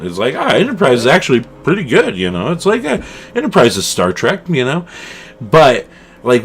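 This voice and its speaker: A middle-aged man co-hosting a casual chat show, rambling and animated, calling his friend "dude" and "man". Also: low voice, slight background noise. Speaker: podcast co-host.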